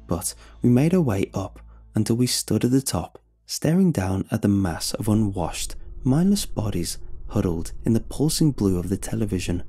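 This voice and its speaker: A man narrating a scripted horror story in a tense, measured way. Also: lowish voice, warm tone, slightly rough.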